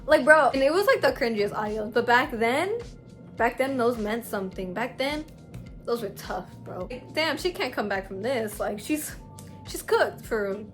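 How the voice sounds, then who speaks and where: A young woman tells a story-time tale in slangy, animated talk, jumping between hushed asides and loud outbursts. Her voice sits a bit high, with soft music faintly underneath. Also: normal speed. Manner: slangy, animated, dramatic swings in loudness. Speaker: vlogger.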